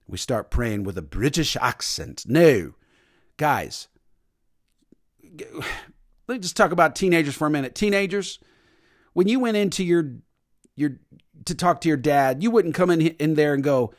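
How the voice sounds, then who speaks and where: A man's voice: fairly high pitch, lively intonation, normal speed. A man preaching a sermon as pastor, emphatic and repetitive, sometimes mimicking stiff formal prayers.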